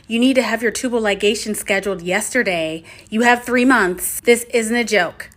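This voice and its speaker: A woman with a slightly high voice, laying out points one by one in a firm, commanding way. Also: a bit bright. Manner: firm, list-like directives. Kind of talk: instructive social media video.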